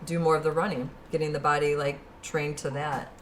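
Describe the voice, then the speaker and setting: Low-voiced woman host, kinda hesitant and stumbly, light noise in the background. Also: little pitch movement. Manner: hesitant, halting, many restarts and fillers. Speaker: podcast host. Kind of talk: casual chat.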